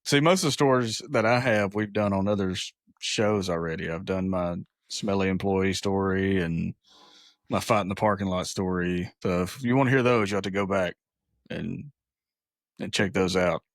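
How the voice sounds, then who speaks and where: A man co-hosting a podcast in casual chat, laid-back, chuckling along and chiming in with quick quips. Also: low voice, no room sound, studio quality. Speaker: podcast co-host.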